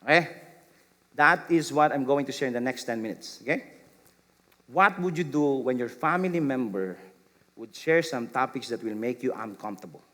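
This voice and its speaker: A middle-aged man preaching a sermon as pastor, repeating phrases and acting out gentle replies. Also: medium pitch, animated, moderate pace. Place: church sanctuary. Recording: long hall reverb.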